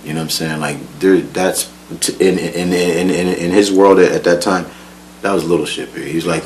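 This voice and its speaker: A young man casually telling a story from his life, animated and profane, laughing often and mimicking the people he quotes. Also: low voice, normal speed, slight background noise, poor audio.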